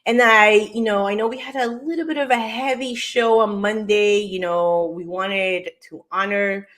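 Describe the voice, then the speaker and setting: A woman's voice: medium pitch, fairly even intonation, moderate pace, fairly bright tone. Female host from New York, upbeat and self-deprecating, loose chatty delivery. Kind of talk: casual live show chat.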